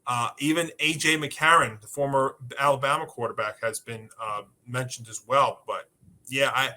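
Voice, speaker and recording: A man with a bright, ringing voice talks through football injuries and betting picks in a relaxed podcast chat. He leans on fillers but states his picks with confidence. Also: mid-range voice, normal speed. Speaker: sports podcast co-host. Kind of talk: casual sports betting talk.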